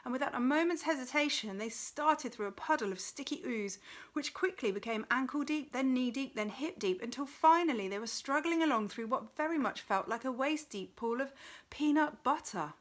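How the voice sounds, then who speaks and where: A woman reading a novel aloud in an expressive storytelling manner. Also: high voice, moderate pace. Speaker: reader.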